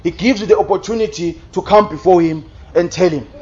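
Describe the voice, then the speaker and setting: Male preacher, high-pitched, emphatic sermon delivery with pointed rhetorical questions, dull lo-fi recording. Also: fairly quick, a little mellow, husky. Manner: emphatic, rhetorical questions, mock-babbling for effect. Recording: dull lo-fi sound.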